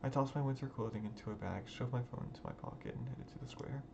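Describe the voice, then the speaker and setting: A man's voice: medium pitch, quick pace, creaky, lo-fi sound, background noise. A man reading a visual novel aloud in a dramatic, emotional first-person narration over background music. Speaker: gaming video creator. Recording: music playing underneath.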